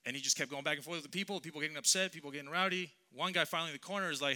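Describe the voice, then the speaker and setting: Earnest, halting man telling a sermon story. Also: on the high side, sharp tone.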